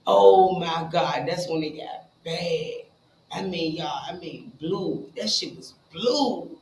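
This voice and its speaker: A woman telling her own story in a casual, blunt and profane way, talking straight to her listeners and jumping between hushed asides and loud bursts. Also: on the low side, slow, a little hiss or hum. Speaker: speaker sharing a recovery story. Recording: roomy echo with faint ambience.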